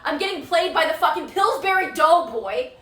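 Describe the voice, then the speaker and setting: A young woman from Texas tells a wild personal story in a casual stream, swearing freely and jumping into the voices of the people she quotes. Her voice sits high and sounds bright and forward. The room gives it a noticeable echo, with faint music underneath. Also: moderate pace. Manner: animated, swearing, dramatic retelling with quoted voices.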